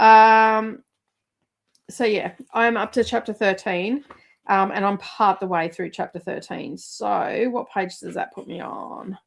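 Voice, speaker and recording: A woman's voice: mid-range voice, gravelly. A middle-aged woman, chatting casually as host of a livestream, rambling with lots of fillers and laughs.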